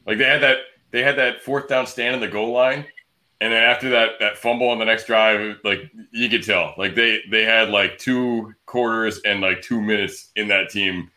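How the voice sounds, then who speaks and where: Male podcast host, bright tense tone, rambling delivery, casual sports chat. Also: lowish voice, steady tone, moderate pace. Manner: loose and rambling, many restarts.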